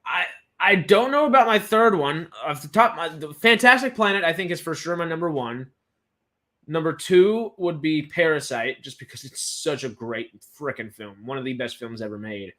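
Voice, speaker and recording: A man's voice: fairly high pitch, normal speed, sharp tone. Rambling young man chatting. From Texas. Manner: rambling, stammering restarts, enthusiastic. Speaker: film news co-host. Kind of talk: casual live-stream chat.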